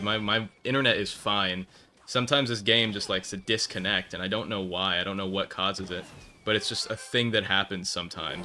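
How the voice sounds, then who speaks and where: A man's voice: lowish voice, sharp tone, a little hiss or hum. A young man hosting a mobile game channel, telling a rambling story between plays and swearing at his opponents. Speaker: gaming channel host. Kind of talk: casual gameplay commentary with storytelling.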